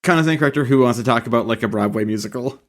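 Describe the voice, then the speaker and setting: A man's voice: medium pitch, racing. A man co-hosting a podcast, rambling in casual chat with lots of filler words. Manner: rambling, many filler likes. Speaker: podcast co-host.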